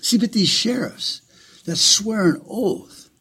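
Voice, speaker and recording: A man delivering a heated, profane, sarcastic ranting monologue in a husky voice. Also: high-pitched, expressive, takes it slowly, sharp tone.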